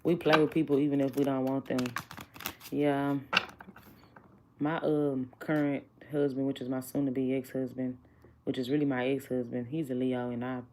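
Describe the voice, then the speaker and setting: A woman's voice: a bass voice, little pitch movement, normal speed, a little mellow, a little hiss or hum. A chatty woman doing a casual tarot reading, blunt and joking with her viewers. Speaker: tarot reader.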